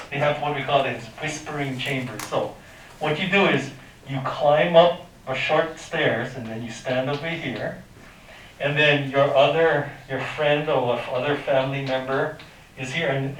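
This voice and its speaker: Man, math teacher, informal classroom lecture, quizzes students, higher voice, heard from far off in an echoey room. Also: a bit bright. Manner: informal, quizzes students, makes sound effects. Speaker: high school math teacher.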